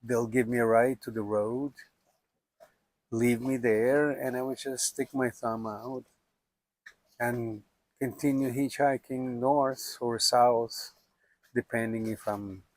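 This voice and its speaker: A man in his seventies from Russia, telling his life story in a musing, unhurried way. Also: medium pitch, steady tone, no room sound. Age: 70s. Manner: unhurried, musing, with frequent "you know" and "like". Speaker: documentary subject. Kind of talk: reflective personal storytelling.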